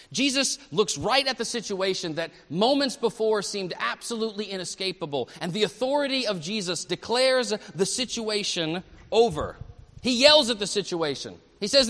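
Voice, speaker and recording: A male pastor preaching a sermon at a church service, animated and asking the congregation questions. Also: high-pitched, normal speed, long reverb tail.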